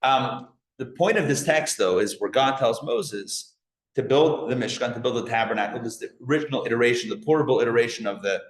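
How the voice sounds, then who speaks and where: A man teaching a live class as a rabbi, animated, asking the audience questions and joking along the way. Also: mid-range voice, a little fast. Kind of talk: lively live lecture. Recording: echoey room.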